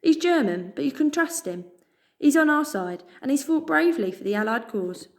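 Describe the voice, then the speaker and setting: A woman voicing a loyal, kindly male dog with a British accent, gentle and reassuring in manner. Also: sits high, lively intonation, normal speed, voice pushed up. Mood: earnest.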